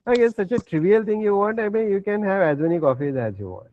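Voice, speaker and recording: A man's voice: high-pitched, animated, fast, no room sound. A man teaching an online class, explaining step by step and checking in often with "okay". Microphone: video call. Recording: tinny phone-like online call audio.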